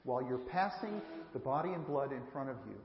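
A man's voice: medium pitch, lively intonation, a little fast. A man giving a sermon as pastor, earnest and repeating words for emphasis, often speaking straight to the children. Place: church sanctuary. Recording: echoey hall, dull lo-fi sound.

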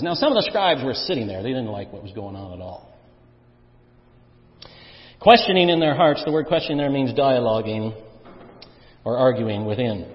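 A man preaching a sermon, swinging between loud stressed phrases and quiet low asides. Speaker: pastor. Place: church sanctuary. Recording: echoey church hall, dull sound.

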